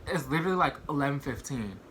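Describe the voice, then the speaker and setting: Young male vlogger, bright forward tone, chatty rambling storyteller with constant fillers. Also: medium pitch, lively intonation, fast talker, slight background noise. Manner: rambling, heavy use of "like" and "you know what I mean". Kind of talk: casual storytime.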